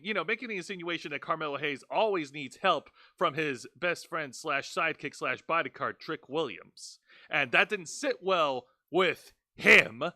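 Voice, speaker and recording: Bright, lively-voiced man, excited. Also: fairly high pitch, no room sound, studio quality. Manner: enthusiastic, excitable. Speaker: wrestling review co-host. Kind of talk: casual chat.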